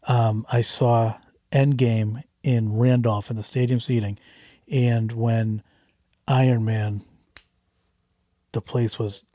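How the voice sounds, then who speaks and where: A man hosting a casual chat, asking prodding questions and telling stories in an animated way. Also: mid-range voice, takes it slowly, pauses often, no room sound, clean studio sound. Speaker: host.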